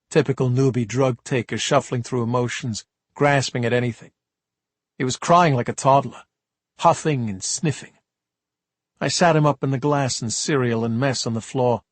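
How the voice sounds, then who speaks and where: A man's voice: medium pitch, dry recording. A man reading an audiobook in a dry, wry first-person storytelling manner. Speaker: audiobook narrator. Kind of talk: scripted narration.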